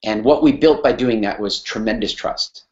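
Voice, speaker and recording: A man's voice: fairly low pitch, moderate pace, darkish tone, muffled recording. A man teaching a business lesson through a personal story, emphatic and repeating phrases for weight. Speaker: business speaker.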